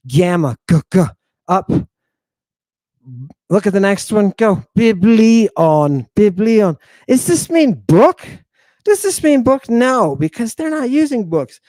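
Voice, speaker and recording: A man teaching an informal language lesson in a brash, teasing way, with quick asides to his students. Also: sits high, darkish tone, no room sound, studio quality.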